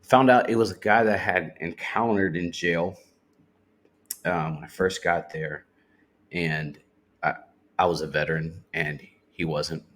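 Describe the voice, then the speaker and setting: A man's voice: deep voice, steady tone, a little slow, a bit bright. A man recounting his recovery story to a podcast host, speaking candidly and swearing freely as he quotes what people said. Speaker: podcast guest. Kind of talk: personal recovery testimony.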